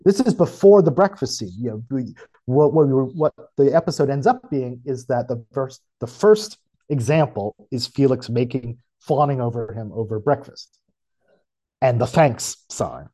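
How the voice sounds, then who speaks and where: A man co-hosting a podcast, casually thinking aloud about a show's script with halting restarts. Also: medium pitch, lively intonation, mellow. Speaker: podcast co-host. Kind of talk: casual chat.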